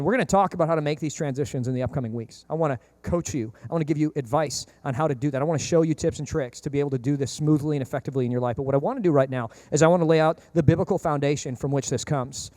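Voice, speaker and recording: A man preaching a sermon as pastor, animated and jokey, acting out characters in comic voices. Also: on the high side, racing, hardly any pauses, no echo.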